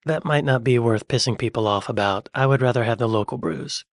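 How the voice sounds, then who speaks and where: A man talks casually over a reaction video, joking and sarcastic. His voice sits at an ordinary middle pitch. The sound is dry and close, with no room echo. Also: brisk. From United States.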